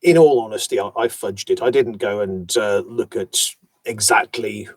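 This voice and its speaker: A man's voice: lowish voice, normal speed, dry recording. A man who narrates audiobooks, talking in an interview in a thoughtful, self-deprecating way as he explains his work at length. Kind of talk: conversational interview.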